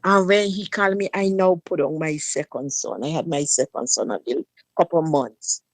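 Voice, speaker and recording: As a talk show guest, a woman shares a personal story in emphatic dialect, often addressing the listener directly. Her voice sits low and moves at a moderate pace, captured in a dry recording.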